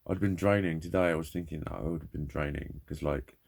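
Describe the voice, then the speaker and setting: A man's voice: rumbling low, fairly even intonation, fast, gravelly, darkish tone, a little hiss or hum. A man in pain, talking in a rambling, frustrated monologue full of swearing. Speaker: vlogger. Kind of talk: candid personal monologue.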